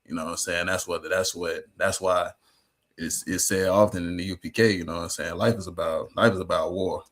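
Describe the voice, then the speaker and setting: A man slowly reading scripture aloud, then chiming in casually. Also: low-pitched, fairly even intonation, a bit bright.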